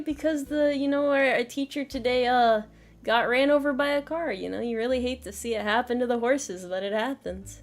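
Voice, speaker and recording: Playful high-voiced woman teaching math. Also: moderate pace, faint music behind. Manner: playful, self-mocking, laughs often, swears casually. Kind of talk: casual joking lesson stream.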